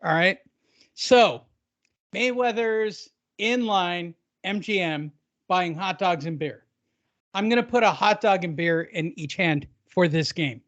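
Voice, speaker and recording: A man's voice: high voice, slow pace, a bit bright, no room sound, muffled recording. A man co-hosting a boxing podcast, joking casually and spinning silly hypothetical fight scenarios. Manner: playful, spins silly hypotheticals. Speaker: podcast co-host.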